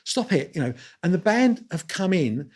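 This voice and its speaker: Animated older storyteller, man. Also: high voice, normal speed. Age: 60s. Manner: animated anecdotes with quoted voices and restarts. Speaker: guest photographer. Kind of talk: storytelling interview.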